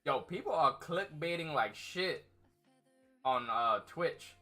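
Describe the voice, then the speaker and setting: A man's voice: a little high, lively intonation, takes it slowly, sharp tone, soft background music. A man hosting a casual gaming chat stream, laid-back and laughing often, swearing freely. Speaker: streamer host.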